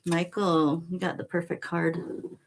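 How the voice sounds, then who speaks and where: A middle-aged woman hosting a spiritual vlog, talking softly and slowly with emotional pauses. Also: lowish voice, flat delivery. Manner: slow, soft and emotional, reads aloud with pauses. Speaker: channel host reading oracle cards.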